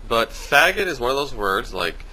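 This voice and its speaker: A man venting on his video blog in a casual, animated way, swearing freely and mimicking other people in high voices. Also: moderate pace, poor audio. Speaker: vlogger. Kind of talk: casual vlog rant.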